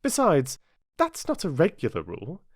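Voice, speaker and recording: A man with a British accent voicing a sharp-witted, stubborn young girl in a high, clipped voice for an audiobook. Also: wildly swooping pitch, moderate pace, slightly rough, no echo, clean studio sound, full character voice. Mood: indignant. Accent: British English. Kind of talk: audiobook character voice.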